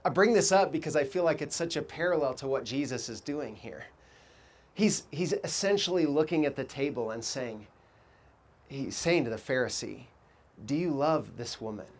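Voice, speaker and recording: Animated male pastor preaching. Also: a little high, normal speed. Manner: animated storytelling, quoting people in raised voices; reflective, asks the congregation questions. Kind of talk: sermon.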